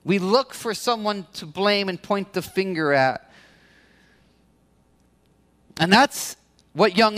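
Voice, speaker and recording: Male pastor, high-pitched voice, animated sermon delivery. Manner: animated, acts out quoted complaints in a higher voice.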